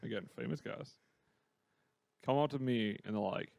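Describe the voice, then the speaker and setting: A man hosting a podcast, telling a wry story in casual chat with quick asides. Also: mid-range voice, gravelly, a little mellow, no echo.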